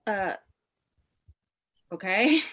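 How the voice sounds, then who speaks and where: A woman playing a naive, polite amnesiac who speaks in a bright, wondering way, in a live play reading over a video call. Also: medium pitch, expressive, very slow, full character voice.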